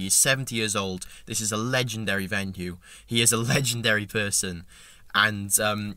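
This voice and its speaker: Emotional young man, fast and bright. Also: on the low side, no echo. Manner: breathless, stumbling, emotional. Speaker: vlogger. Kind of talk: impulsive excited vlog.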